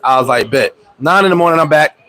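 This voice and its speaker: A fairly high-pitched man talks fast over a rough recording as he livestreams a story from the Dominican Republic, where he lives abroad. The vlogger swears a lot and acts out everyone else in the tale with animated flair.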